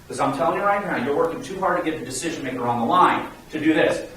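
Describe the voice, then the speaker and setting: A man coaching a sales team in an emphatic, energetic, pleading way. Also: a little high, fast talker, hardly any pauses. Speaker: sales trainer. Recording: echoey room, mic far off, faint hiss.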